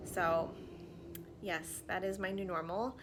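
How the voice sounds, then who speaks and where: A woman's voice: on the low side, fairly even intonation, takes it slowly. Thirties woman vlogger, casual chat at home, slightly winded, a faint hiss behind her. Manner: chatty, filler-heavy, drops to soft asides while applying makeup. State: slightly out of breath from pregnancy. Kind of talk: casual get-ready-with-me chat. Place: at home, indoors.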